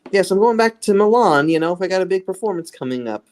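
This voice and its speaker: A woman's voice: medium pitch, expressive, fast talker, darkish tone, close to an everyday voice. A woman voicing a friendly young female opera singer with a put-on Italian lilt. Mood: chatty. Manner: sweet, sing-song with a put-on Italian lilt.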